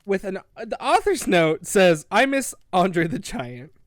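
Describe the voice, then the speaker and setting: A young woman co-hosting a casual comedic book review, loud, profane and giggly while sipping wine. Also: mid-range voice, big pitch swings, measured pace, no echo, studio quality. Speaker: podcast co-host.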